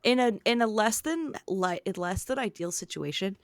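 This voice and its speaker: A woman's voice: mid-range voice, animated, normal speed, no room sound. A young adult woman hosting a casual podcast chat, talking in an upbeat, chatty way full of asides. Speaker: podcast host.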